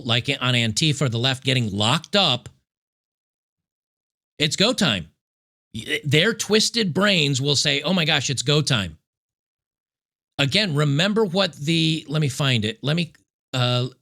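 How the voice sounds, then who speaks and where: A man hosting political commentary, reacting to news clips in an emphatic, sarcastic way and repeating key points slowly. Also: fairly high pitch, vocal fry, bright, forceful tone.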